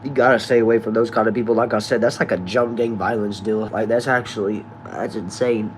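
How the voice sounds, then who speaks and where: Laid-back low-voiced man chatting casually. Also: fairly even intonation, fairly quick, a little hiss or hum. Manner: laid-back slangy talk, addresses viewers as y'all and bro. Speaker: streamer reading chat. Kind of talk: casual live chat.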